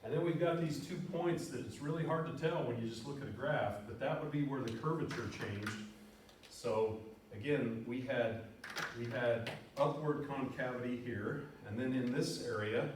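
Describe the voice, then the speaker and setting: A man's voice: mid-range voice, background noise. A man teaching a math lesson in a casual way, thinking aloud and counting off numbers as he plots points. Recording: very echoey room, voice from far off, faint music.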